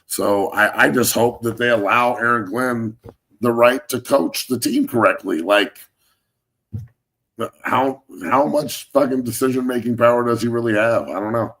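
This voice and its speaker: A man's voice: medium pitch, unhurried, a bit bright. A man hosting sports talk, a former football player who speaks bluntly and curses constantly in a rambling way. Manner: blunt, heavily profane, rambling.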